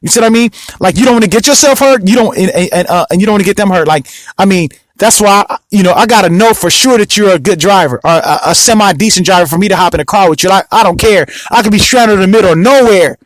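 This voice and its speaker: Talking fast in a high-pitched voice, a podcast host runs through a casual monologue that's rambling and emphatic. He repeats himself, restarts often and keeps addressing the listener with questions. The recording is low quality but free of echo.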